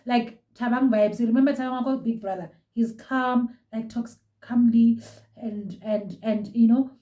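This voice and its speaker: A young South African woman reviews a reality show from a room at home, gushing and chatting casually while code-switching. Her voice is on the high side with a dark tone, and she sits far from the mic, giving a roomy echo.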